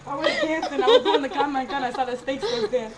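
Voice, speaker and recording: A young woman rambles into a home webcam in a slightly high voice, giddy and wired from too much coffee. She swears freely and trips over her words. Other voices chatter in the noisy room. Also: lively intonation, fast talker. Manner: giddy, rambling, cursing, laughing between lines. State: over-caffeinated. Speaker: vlogger. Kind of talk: hyper casual webcam chat.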